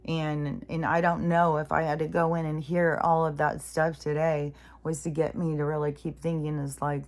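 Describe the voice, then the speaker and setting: A woman's voice: deep voice, flat delivery, moderate pace. A woman venting in a rambling, profane monologue for her vlog, sounding mentally exhausted. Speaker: spiritual vlogger.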